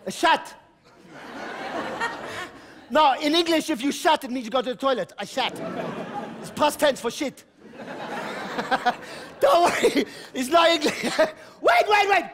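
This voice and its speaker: Frantic high-pitched clowning comedian man. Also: lively intonation, slow, pauses often, crowd noise. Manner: frantic, shouting, stammering, cackling; mixes broken French into English. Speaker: stand-up comedian. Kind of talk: manic clowning stage comedy. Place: theater stage before a live audience. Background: audience laughter.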